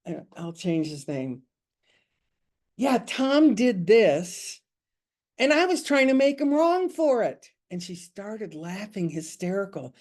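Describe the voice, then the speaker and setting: Slow, mellow-voiced woman leading a study group. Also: mid-range voice. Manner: chuckles often, warm and confiding. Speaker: spiritual study group leader. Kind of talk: informal spiritual teaching talk. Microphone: video call.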